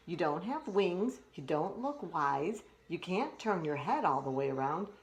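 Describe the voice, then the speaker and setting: A woman's voice: lowish voice, big pitch swings, unhurried. A woman doing a patient father frog. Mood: firm patient. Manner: firm, explaining, gently teasing.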